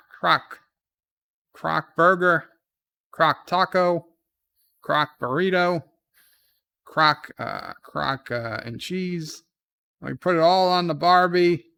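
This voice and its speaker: A man voicing a boisterous Australian barbecue bloke with a put-on Australian accent, loud, boastful and rambling. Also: on the high side, gravelly, clear, resonant tone, exaggerated voice.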